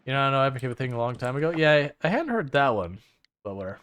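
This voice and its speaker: A man's voice: mid-range voice, sing-song, rapid-fire, fairly bright tone, clear, resonant tone. Rambling, chatty male streamer. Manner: rambling, chatty, sarcastic asides to chat. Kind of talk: casual live-stream chat while playing.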